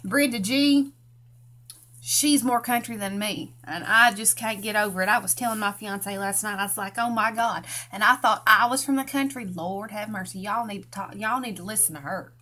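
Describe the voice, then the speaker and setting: Here a woman's medium-pitched voice comes across pushed and bright at a moderate pace. She's a craft channel host from Tennessee with a Southern country accent, folksily chatting during a live tutorial and calling out viewers by name.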